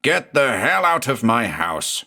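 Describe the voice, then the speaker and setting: A man voicing a bloated, hostile old man who shouts gruff outbursts at an intruder. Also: mid-range voice, sing-song, a little slow, voice pushed up. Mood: furious.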